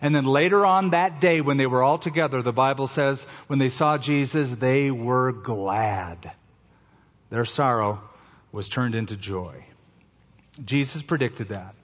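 Preaching man in a reverberant hall. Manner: slows down for emphasis, drops to a soft low voice at key phrases. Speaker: pastor. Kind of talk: sermon. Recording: dull sound with long hall reverb.

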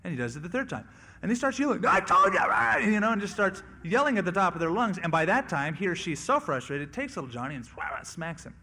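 A man's voice: fairly high pitch, big pitch swings, fast, bright, forceful tone, breathy edge. A man preaching a sermon on scripture in a conversational way, sometimes acting out the people he quotes. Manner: conversational, acts out quoted voices. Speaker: pastor.

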